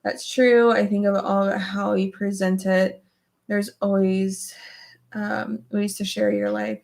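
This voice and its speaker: A woman's voice: mid-range voice, little pitch movement, takes it slowly, creaky, darkish tone. A young woman vlogging casually while doing her makeup, rambling with lots of "like" and fillers, swearing offhand and getting emotional. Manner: emotional, tearful at times, laughs often. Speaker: beauty vlogger.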